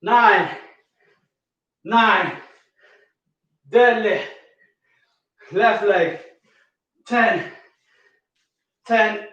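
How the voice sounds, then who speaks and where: Out of breath, a male workout coach calls out moves and counts reps very slowly, with long pauses, in a high and somewhat bright voice. The recording is muffled, distant from the mic and echoey.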